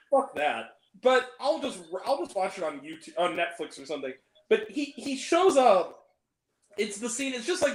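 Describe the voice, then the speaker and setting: A man's voice: high-pitched, bright, forceful tone. A young man co-hosting a casual live movie chat, laughing often and slipping into goofy voices when he quotes people. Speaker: movie review co-host. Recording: echoey room.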